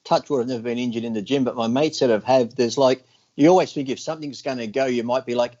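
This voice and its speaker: Guy telling gym stories on a podcast, laughs a lot, mid pitch, kinda muffled audio. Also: fast talker. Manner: animated storyteller, laughs often. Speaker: podcast co-host. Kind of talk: casual chat.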